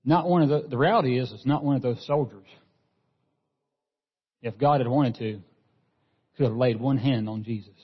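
A man's voice: mid-range voice, normal speed, pauses often, breathy edge. A man preaching a sermon as pastor, earnest, often repeating a word as he restarts a phrase. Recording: dull lo-fi sound with long hall reverb.

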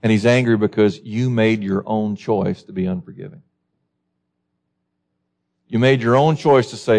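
A male pastor delivering a sermon with passion and conviction. His voice climbs sharply into high, insistent peaks as he quotes scripture, then drops back to press the congregation with pointed questions. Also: a little slow, vocal fry, long pauses, a little mellow. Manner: impassioned, rising to high emphatic peaks when quoting scripture.

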